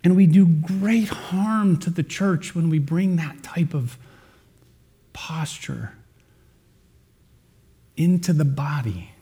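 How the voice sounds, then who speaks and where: Male pastor preaching, earnest, warm low-bright timbre, rises and drops for emphasis. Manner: earnest preaching with dramatic pauses and shifts in volume. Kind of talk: sermon.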